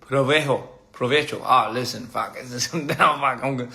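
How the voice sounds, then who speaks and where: A man chatting casually on a live stream during a meal, playful and halting, repeating phrases as he practices pronunciation. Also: mid-range voice, creaky, pushed and bright. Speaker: livestream host. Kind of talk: casual live-stream chat while eating.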